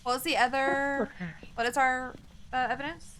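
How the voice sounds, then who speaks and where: A woman's voice: high voice, moderate pace, crowd noise. A woman streaming a ghost-hunting game, chatting casually with a friend and thinking aloud as she plays. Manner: chatty, excitable, thinks aloud while playing. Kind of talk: casual gaming chat with a friend.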